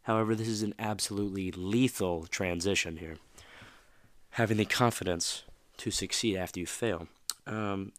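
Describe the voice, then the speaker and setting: A man with a lowish voice hosts a motivational podcast, rambling casually and speaking straight to the listener. There's no echo on the recording.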